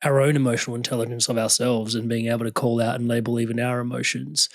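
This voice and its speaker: A man's voice: medium pitch, level tone, quick pace, no room sound. Man with a dry close-mic sound. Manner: reflective, filler-heavy questions. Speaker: podcast host. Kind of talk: interview chat.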